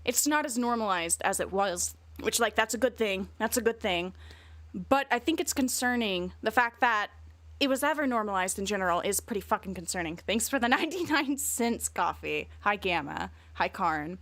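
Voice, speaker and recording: A woman's voice: mid-range voice, expressive, moderate pace, fairly bright tone, dry recording. Swearing, rambling woman streamer, dry sound. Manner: profane, rambling, blunt. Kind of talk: casual livestream chat.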